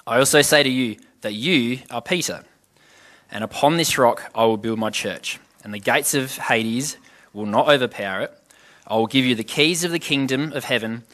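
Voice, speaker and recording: This man's voice sits at medium pitch with a slightly bright quality. He gives an informal Bible teaching, reading scripture passages aloud, then explaining them in a relaxed, conversational way and posing questions to his listeners.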